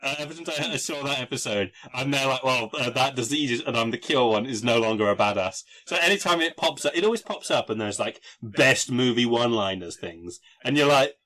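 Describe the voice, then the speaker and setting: A man's voice: medium pitch, brisk, few pauses, pushed and bright. A man hosting a casual podcast, talking wryly and sarcastically about old films, swearing now and then. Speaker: podcast host. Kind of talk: casual chat.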